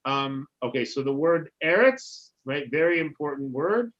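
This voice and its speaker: A man, a rabbi, teaching a relaxed Hebrew class over a video call, often checking in with "right?". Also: fairly high pitch, unhurried, highs cut off. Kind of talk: casual online class teaching.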